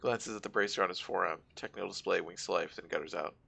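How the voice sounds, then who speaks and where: Guy streaming a game and reading the text out, gravelly, bright edge to it. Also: low voice, fast talker. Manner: casual asides between steady read narration. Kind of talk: reading a game's text aloud while playing.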